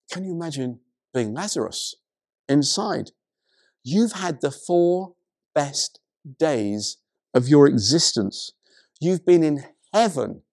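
A male pastor preaching a sermon, retelling a story in an animated way, with many stammered restarts. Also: a little high, dry recording, studio quality.

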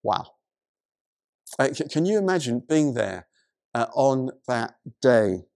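A male pastor preaching a sermon, retelling a story in an animated way, with many stammered restarts. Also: medium pitch, slow, creaky, no echo, clean studio sound.

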